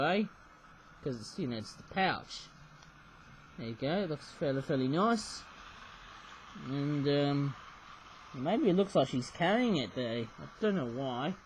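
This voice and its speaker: Man, somewhat raised pitch, rambling toy-review vlogger, chatty asides, faint noisy room. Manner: rambling, chatty, frequent "oh my goodness me" and "eh?". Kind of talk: casual toy review vlog.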